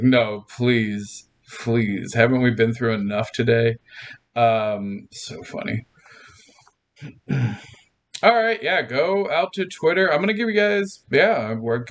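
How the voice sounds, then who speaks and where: Male stream host, mid-pitched, slow and rambling, playful with his chat, laughs a lot. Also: a bit bright. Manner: rambling, restarts, laughs often, upbeat and playful. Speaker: livestream host. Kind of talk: casual livestream chat with viewers.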